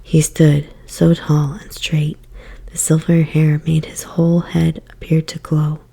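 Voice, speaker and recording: A woman giving a soft, whispered ASMR book reading as storyteller. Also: low-pitched, completely flat delivery, a little slow, creaky, slightly rough.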